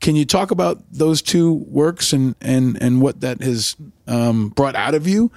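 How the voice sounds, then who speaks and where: A male interviewer hosts the conversation, lavishing praise and stringing his questions into long, rambling turns. His voice sits at a middle pitch for a man. The sound is dry and close, with no room echo. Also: expressive, unhurried, darkish tone. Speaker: host.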